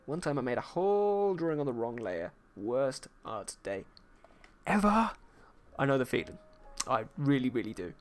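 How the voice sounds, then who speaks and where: A livestreaming artist chats casually with his viewers while he paints, reading the chat aloud in a playful, jokey way. His medium-pitched voice swings widely in pitch at a moderate pace.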